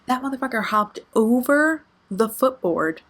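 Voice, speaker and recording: A woman's voice: a little high, animated, a little slow, a bit bright. A young adult woman vlogger telling a story in a casual way, swearing a lot and using many filler words. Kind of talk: storytime vlog.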